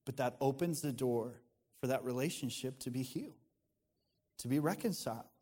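A man's voice: medium pitch, normal speed, dark tone, breathy edge, big-room sound. A man, a pastor, preaching a conversational sermon in an earnest tone, often restarting his sentences.

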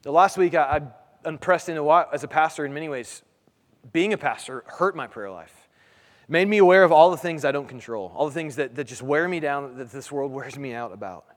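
A man's voice: a little high, a little fast, big-room sound. A man in his thirties, a pastor, preaching a sermon in a conversational way, full of rhetorical questions.

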